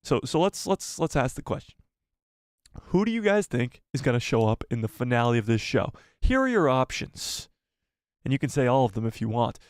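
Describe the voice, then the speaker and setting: Male live streamer, mid-pitched, eager and rambling, dry close mic. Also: sing-song, moderate pace, dry recording. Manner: enthusiastic, rambling, thinks aloud. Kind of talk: casual live stream chat.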